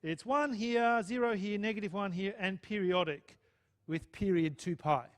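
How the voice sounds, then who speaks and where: A man's voice: sits high, moderate pace. A man lecturing on math to a live class, chatty, often checking in with "okay?" and "right?". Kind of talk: live lecture with student questions.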